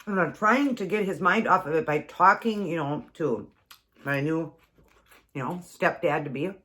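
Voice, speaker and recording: A woman's voice: sits low, normal speed, pushed and bright. Chatty rambling woman in her forties. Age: 40s. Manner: chatty, rambling, laughs often. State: runny nose. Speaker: keto vlogger. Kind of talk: casual storytelling while eating.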